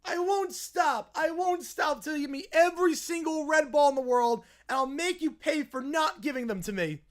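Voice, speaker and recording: A man voicing a whiny, bratty little boy who screams his demands over and over in a shrill whine. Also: normal speed. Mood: whining. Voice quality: shrill whining.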